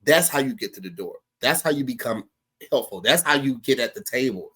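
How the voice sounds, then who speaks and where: Man, mid-pitched voice, laid-back, mentor-like, casual comedic banter, podcast mic. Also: lively intonation, a little fast, pushed and bright, breathy edge.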